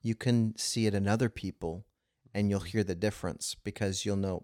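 A man talks through his thoughts on a casual podcast, circling back and restarting as he goes. His voice sits low, and the recording is dry and close with almost no room sound. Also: fairly even intonation, normal speed, dark tone, no room sound. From United States. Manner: rambling, frequent restarts, laughs while telling anecdotes. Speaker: podcast co-host. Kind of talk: casual conversation.

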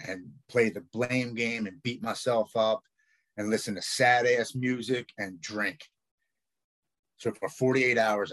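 Halting low-voiced man telling his story. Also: fairly bright tone, no room sound. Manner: raw, halting, repeats words when emotional. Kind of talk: personal storytelling.

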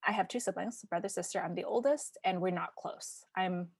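A woman in her thirties from Canada, telling a personal story in casual conversation, animated and emphatic with frequent fillers. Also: lowish voice, a little fast, vocal fry, slightly rough, dry recording.

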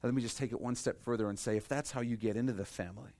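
Male pastor, mid-pitched voice, sermon delivery that drops to a hush and then builds to emphatic bursts. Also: rapid-fire. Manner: impassioned, swings from hushed to emphatic; rhetorical questions and repetition.

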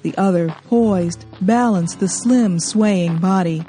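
Mellow-voiced woman reading a novel aloud. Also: on the low side, takes it slowly, soft background music. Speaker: audiobook narrator. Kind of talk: storybook reading.

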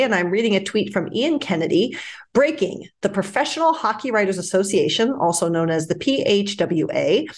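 A woman co-hosting a casual podcast, animated and quick to laugh while she chats and reads out news. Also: medium pitch. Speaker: podcast co-host.

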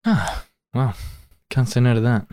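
A man's voice: medium pitch, a little slow, a little mellow. A man playing a tabletop game, making wry, laid-back remarks. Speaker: player. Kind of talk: casual tabletop play.

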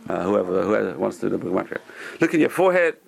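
A man giving a Torah class, animated and repeating phrases for emphasis. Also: lowish voice, fast talker, vocal fry, slight background noise. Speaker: rabbi teaching a class.

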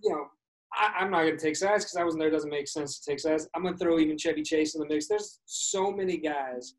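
A man's voice: fairly high pitch, fast talker, rough recording. A man co-hosting a casual chat, talking at length and reflecting on his points.

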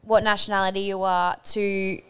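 Wry woman with a smooth voice. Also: mid-range voice, flat delivery, a bit bright. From Australia. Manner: wry, quick quips and laughter. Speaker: podcast co-host. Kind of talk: casual podcast chat.

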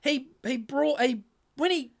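A man's voice: very high voice, a little slow, vocal fry. Rambling, sweary New Zealand man. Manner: rambling, sweary, with many restarts. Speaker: podcast co-host. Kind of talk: casual chat.

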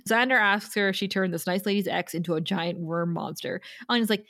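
A woman co-hosting a podcast, casually recapping an episode in an animated way, quoting lines and laughing often. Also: mid-range voice, fast, hardly any pauses, no echo, clean studio sound. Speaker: podcast co-host.

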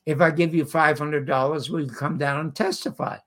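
A man's voice: fairly high pitch, a little fast. An older man from Canada, an interview guest telling a long anecdote and acting out the voices of the people in it. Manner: lively storyteller who acts out quoted voices. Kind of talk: anecdotal storytelling.

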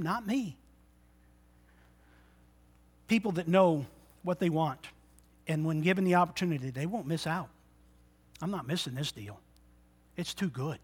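A man preaching a sermon with a high, bright voice. He drops to a hushed, close tone, then rises to loud exhortation. He acts out the people in his stories as he goes. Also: husky. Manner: swings from quiet intimate talk to loud exhortation. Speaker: pastor.

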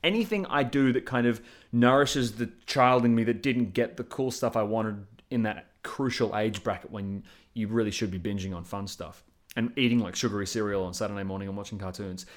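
A man in his thirties, a podcast guest, chatting casually with rambling, profane, animated storytelling. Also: lowish voice, a little fast. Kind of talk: casual chat.

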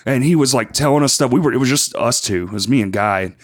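A man hosting a podcast, telling con stories in a profane, animated casual way. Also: mid-range voice, fast. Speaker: podcast host.

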